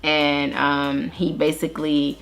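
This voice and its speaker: A woman's voice: low voice, little pitch movement, slow pace, gravelly, a bit bright, soft background music. A woman in her thirties, an interview guest earnestly telling her own story with many restarts. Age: 30s. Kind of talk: candid personal testimony.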